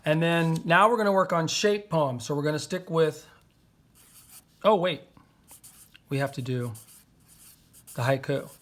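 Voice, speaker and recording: A man's voice: fairly high pitch, measured pace, long pauses, a bit bright. A man teaching a poetry lesson to young children, patiently sounding out words and syllables.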